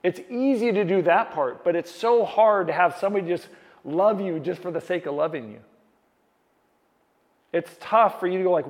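A pastor with a high voice speaks at normal speed, his sermon carrying long hall reverb. He preaches earnestly, restarting and repeating key phrases for emphasis.

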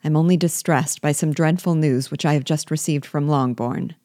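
A woman reading the lines of a distressed young gentlewoman from a classic novel, urgent and anguished, in a low, mellow voice. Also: moderate pace, no room sound, clean studio sound, lightly acted.

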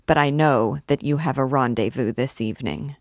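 A woman's voice: rumbling low, moderate pace, dry recording, clean studio sound. A woman voicing a sinister cloaked man with a sepulchral, cold and bitter manner.

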